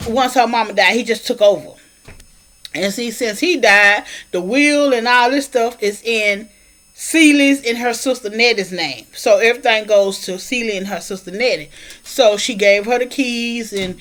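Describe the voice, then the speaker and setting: High-pitched woman vlogger, animated colloquial storyteller recapping a film. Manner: animated storyteller, colloquial, slips into character voices. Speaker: movie reviewer. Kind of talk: casual plot recap.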